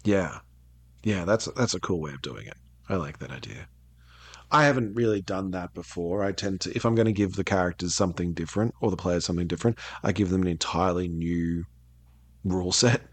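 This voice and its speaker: A man chatting casually about tabletop games as a podcast co-host, animated and quick to laugh. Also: deep voice, husky, dry recording. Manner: animated, laughs often, acts out quotes.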